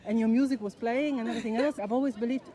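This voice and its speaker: A woman's voice: on the high side, fairly even intonation, racing, warm tone. A middle-aged woman hosting a casual vlog, chatting effusively and repeating herself while out in a city. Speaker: vlogger host. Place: outdoors in a city.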